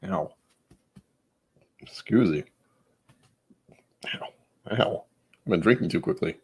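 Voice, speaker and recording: Low-ish guy rambling through a whiskey review, trips over words reading stuff out. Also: lively intonation, slow, slightly rough, whispered. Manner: rambling, chatty, self-deprecating; stumbles when reading aloud. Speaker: whiskey channel host. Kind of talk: casual tasting vlog.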